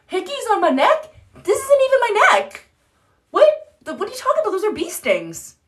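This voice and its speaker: A woman putting on a shrill gaslighting narcissist. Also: huge pitch swings, moderate pace, exaggerated voice. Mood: indignant denial. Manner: shrill, mock-indignant denial. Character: defensive gaslighting narcissist denying everything.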